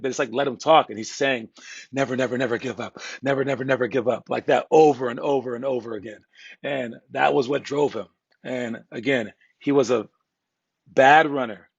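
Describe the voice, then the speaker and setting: A man's voice: medium pitch, dry recording. Young guy coaching hoops, rambly storytelling, lots of ums, dry dull earbud mic sound. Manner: rambling, many fillers and restarts. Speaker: basketball coach. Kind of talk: casual motivational storytelling. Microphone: earbud headset mic.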